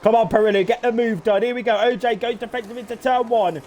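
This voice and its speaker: A man giving excitable, swear-filled live commentary on a sim race, often laughing in disbelief. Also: very high voice, fast talker, slight background noise.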